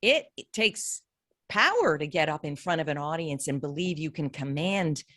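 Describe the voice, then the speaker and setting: A woman's voice: sits low, lively intonation, moderate pace, a bit bright, dry recording. A woman who hosts a podcast and works as a career coach, talking with an enthusiastic, emphatic manner and building her points in lists. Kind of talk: interview conversation. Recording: dry close sound.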